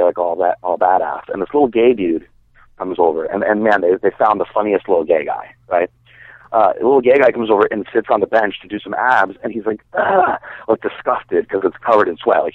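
A man's voice: fairly low pitch, dry recording. A man, a bodybuilder guest, telling a story in a casual, rambling way, full of fillers and swearing. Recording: dry, tinny phone-like sound.

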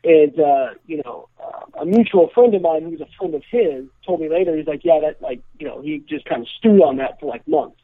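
A man's voice: on the high side, expressive, a little fast, dry recording. A young man telling a long story casually on a call-in show, rambling with lots of fillers, heard over the phone. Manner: rambling, filler-heavy, laid-back. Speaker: guest. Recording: tinny phone line.

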